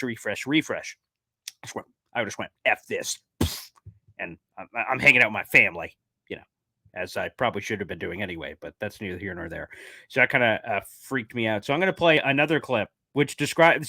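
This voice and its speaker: A man giving casual commentary in a video, excitable, and he talks straight to his viewers. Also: mid-range voice, dry recording, clean studio sound. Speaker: sports commentator.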